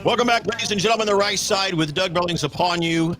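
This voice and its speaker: A man's voice: high voice, quick pace, fairly bright tone, faint music behind. A man hosting a talk show in a casual, rambling monologue, full of fillers and restarts.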